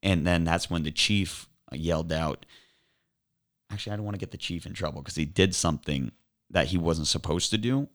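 Very deep-voiced man telling a harrowing story. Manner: earnest, halting retelling with repeated restarts. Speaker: podcast guest. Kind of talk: emotional personal storytelling.

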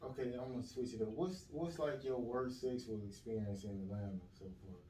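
A man's voice: mid-range voice, a little fast, mellow, slight background noise. A man hosting a casual interview, asking direct questions in a laid-back way. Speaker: interview host. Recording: roomy, distant mic with faint ambience.

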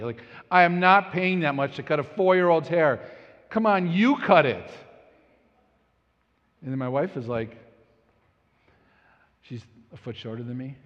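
A man in his thirties giving a storytelling talk with a life lesson, rambling, conversational and self-deprecating. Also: fairly high pitch. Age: 30s. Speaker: speaker. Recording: echoey hall, dull lo-fi sound.

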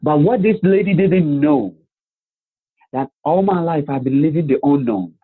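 Man, husky voice, tinny narrow sound, animated storyteller. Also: on the high side, unhurried. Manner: animated, rhetorical questions, acts out quotes. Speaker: guest. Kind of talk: personal storytelling. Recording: phone-like narrow band.

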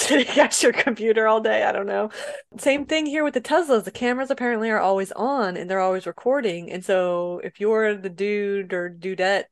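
A woman co-hosting a podcast in casual chat, chatty and rambling, laughing often. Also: mid-range voice. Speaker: podcast co-host.

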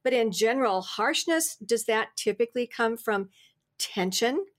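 A woman's voice: fairly high pitch, expressive, normal speed. A woman podcast host asking a guest questions, thinking aloud as she phrases them. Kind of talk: interview questions.

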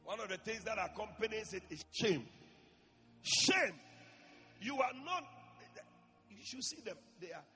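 A man preaching an impassioned sermon in a church, swinging between shouting and hushed speech and repeating phrases for emphasis. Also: sits high, expressive, moderate pace, long reverb tail, soft background music.

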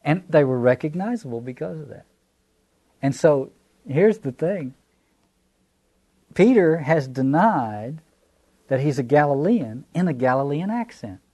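Southern American man as a scripture lecturer; relaxed, mellow delivery, musing aloud. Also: a little high, a little slow, long pauses. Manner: thoughtful, restarting phrases, rhetorical questions. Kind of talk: reflective lecture.

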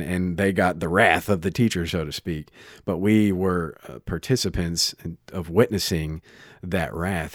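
A man preaching a sermon in a conversational way, retelling stories with lively restarts into a microphone. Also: deep voice, no echo, clean studio sound. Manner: conversational, animated storytelling with frequent restarts. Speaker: pastor.

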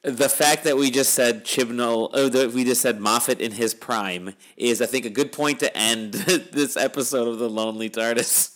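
A man's voice: medium pitch, fairly even intonation, normal speed, hardly any pauses, a bit bright. A middle-aged man hosting a podcast, talking in a wry, weary, rambling way as he wraps up the episode. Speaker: podcast host. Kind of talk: casual podcast chat.

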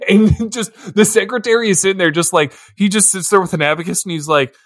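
A man co-hosting a podcast in casual movie-review chat, excitable and laughing as he acts out scenes. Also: sits high, fast talker. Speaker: podcast co-host.

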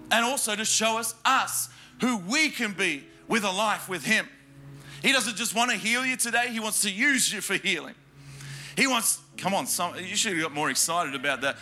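A man preaching a fervent, exhorting sermon as pastor, building to loud declarations. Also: fairly high pitch. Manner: fervent, exhorting, rising to shouts.

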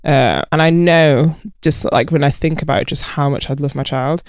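A woman's voice: low voice, moderate pace, dry recording, studio quality. A young woman co-hosting a podcast in casual chat, reflective but with crude humour. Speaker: podcast co-host.

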